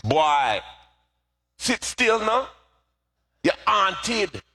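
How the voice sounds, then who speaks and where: A man's voice: high voice, sing-song, extremely slow, bright, forceful tone, voice pushed up, heavily acted. A man voicing a stern Jamaican mother who scolds her restless young son, in a Jamaican accent. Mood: scolding. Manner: scolding, bossy.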